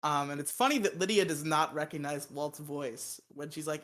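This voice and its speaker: A man's voice: a little high, moderate pace, a bit bright. A man hosting a casual movie review podcast, who laughs a lot and swears freely as he recaps the plot. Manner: laughs often, swears casually, acts out quotes. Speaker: podcast host.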